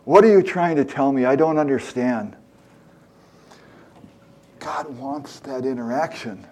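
A man's voice: mid-range voice, measured pace, a little mellow. Older male preacher, 70s, plain chatty sermon delivery, earnest, leans on repetition. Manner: earnest, repeats phrases for emphasis, acts out prayers. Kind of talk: conversational sermon.

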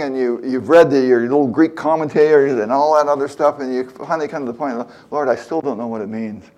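A man's voice: on the high side, darkish tone. A man in his seventies preaching a conversational sermon, earnest, repeating phrases for emphasis and acting out prayers. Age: 70s.

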